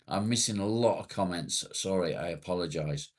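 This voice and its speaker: A man's voice: deep voice, moderate pace. A man from England hosting a casual livestream, reading and answering chat comments bluntly and swearing freely. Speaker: livestream host.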